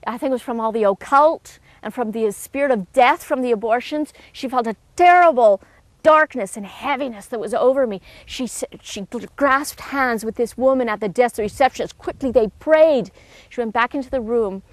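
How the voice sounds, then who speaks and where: A woman with a high, light voice gives a personal testimony. She speaks earnestly and emotionally and often restarts her sentences. The sound is dry and close, with no room around it. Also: dry recording. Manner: acts out quoted voices with raised pitch.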